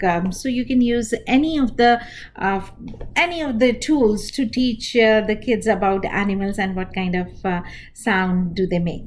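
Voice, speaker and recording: A woman preschool teacher with an Indian English accent, calmly explaining an activity step by step, pausing often as she goes. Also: mid-range voice, a little hiss or hum. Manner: unhurried, explaining step by step with pauses. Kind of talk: instructional talk to parents and teachers.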